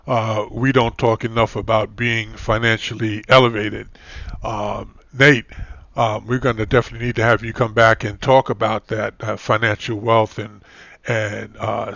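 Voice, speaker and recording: A man hosting a talk show over an online call, chatty and full of "you know"s, his voice a little hoarse. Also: fairly low pitch, fairly bright tone, dry recording, highs cut off. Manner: chatty, many filler "you know"s and restarts. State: losing his voice, clearing throat. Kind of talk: casual talk show conversation.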